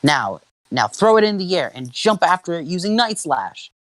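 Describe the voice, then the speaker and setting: A man's voice: sits high, very animated, moderate pace, a bit bright, pitched above the performer's own voice. A man voicing a commanding adult male Pokémon trainer who gives firm raised orders.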